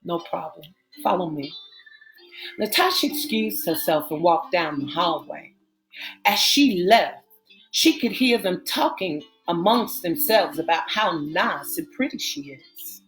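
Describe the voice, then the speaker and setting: A woman narrating a romance novel in an unhurried, plain reading style. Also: fairly low pitch, expressive, low-quality recording. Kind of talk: audiobook narration. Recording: soft guitar music behind.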